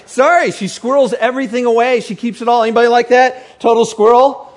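High-voiced, joking male preacher. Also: fairly even intonation, fairly quick. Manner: chatty, joking, asks the crowd questions. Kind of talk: sermon to a live audience.

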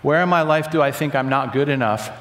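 A church workshop leader with a fairly high, slightly bright voice speaks fairly quickly as he runs an interactive teaching session. Conversationally, he questions the audience, repeats their answers back and leads prayer. The recording echoes through a large hall with an audience and box seats.

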